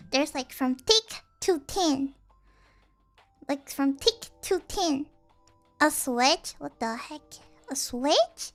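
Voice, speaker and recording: A woman's voice: high-pitched, a bit bright. A young woman streaming casually, rambling and giggling, acting out the people she quotes. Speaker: vtuber streamer.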